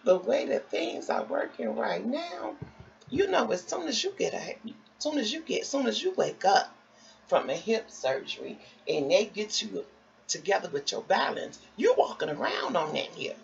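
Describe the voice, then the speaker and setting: Woman putting on a calm, soft-spoken male doctor. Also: mid-range voice, moderate pace, vocal fry. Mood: reassuring. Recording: dull lo-fi with faint noise.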